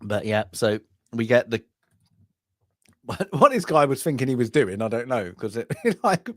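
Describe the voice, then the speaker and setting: A man's voice: medium pitch, big pitch swings, measured pace, a bit bright, no echo. Guy rambling about a movie, lots of um and like, dry close sound. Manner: rambling, many restarts and fillers, acts out characters' lines. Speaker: film review co-host. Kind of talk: casual film discussion.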